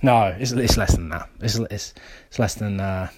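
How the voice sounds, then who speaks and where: A man's voice: on the low side, moderate pace, noisy background. Self-mocking young man rambling. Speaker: vlogger. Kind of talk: casual monologue.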